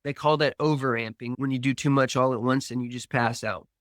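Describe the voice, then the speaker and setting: A man's voice: mid-range voice, fairly even intonation, fairly quick, fairly bright tone, no echo, studio quality. A man recounting his past addiction as a podcast guest, telling it in present tense with quoted dialogue. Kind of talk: storytelling about addiction.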